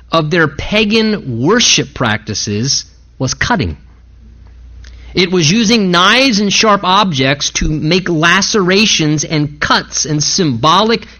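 A male pastor preaching a sermon, retelling a story and acting out the speakers with big swings of voice. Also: dull audio. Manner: animated storytelling, acting out quoted speakers with big pitch jumps.

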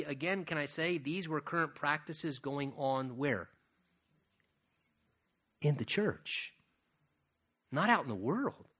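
A male pastor delivers a sermon in a high, bright voice that swings widely in pitch. His delivery is earnest and direct, pressing his points with emphatic appeals.

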